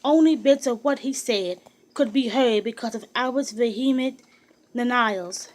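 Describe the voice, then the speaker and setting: Woman, audiobook narrator, steady storytelling, somewhat high voice, occasional restarts. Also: a little slow, low-quality recording. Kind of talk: audiobook reading of a biography.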